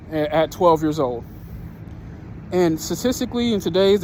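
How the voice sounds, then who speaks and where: A man preaching a sermon, retelling a Bible story in an earnest, halting way with frequent restarts. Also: high voice, darkish tone, a little hiss or hum.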